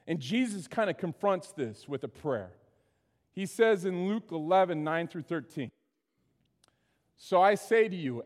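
A man's voice: high-pitched, in a large hall. A man preaching a sermon as pastor, talking in a conversational way with frequent asides to the congregation.

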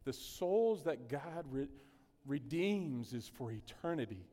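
A male pastor preaching a sermon in an animated, conversational way, with humorous asides. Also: medium pitch, slow pace. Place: church sanctuary. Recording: long hall reverb.

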